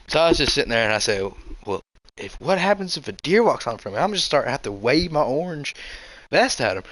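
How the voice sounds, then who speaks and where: Young man, casual and chatty, laughs often, expressive pitch, dry recording. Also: dry recording. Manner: animated, laughs often, quick restarts. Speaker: hunter telling stories. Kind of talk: casual storytelling.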